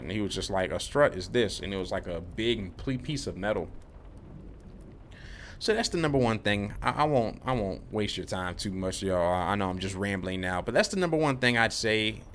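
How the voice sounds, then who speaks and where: A man's voice: fairly low pitch, a bit bright, slight background noise. A young man vlogging, telling a rambling, laid-back story about work, full of slang. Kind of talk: casual rambling monologue.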